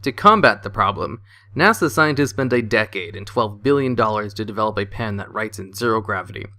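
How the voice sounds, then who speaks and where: A man's voice: lowish voice, expressive, a little fast, bright, forceful tone, no echo. Man reading jokes, dry sound. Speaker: narrator of jokes.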